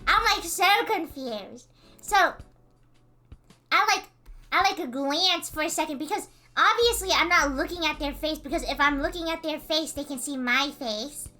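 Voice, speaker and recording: A woman streamer tells a story in a lively, rambling way, full of fillers and quick bursts of laughter. Her voice sits high and sounds bright and sharp. Soft music plays faintly underneath. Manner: animated, filler-heavy, laughing retelling. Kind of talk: casual storytelling.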